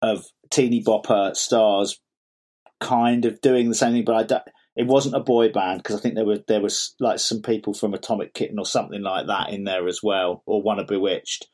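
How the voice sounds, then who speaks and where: A man's voice: fairly low pitch, fairly even intonation, normal speed, darkish tone. A man, co-hosting a podcast in a casual, wry, chatty way. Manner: chatty, wry, slips into mock voices. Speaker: podcast co-host. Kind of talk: casual chat.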